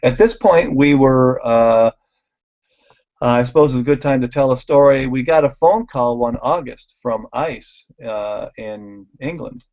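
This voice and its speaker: Lively storytelling bike shop man. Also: mid-range voice, measured pace, highs cut off. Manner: animated storyteller, acts out quoted voices, laughs often. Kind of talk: casual storytelling over slides.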